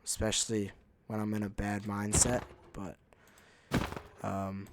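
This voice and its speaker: Slow, rambling young man gaming. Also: on the low side, monotone, noisy background. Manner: rambling and unhurried, with many fillers. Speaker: gaming channel host. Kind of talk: casual gameplay commentary.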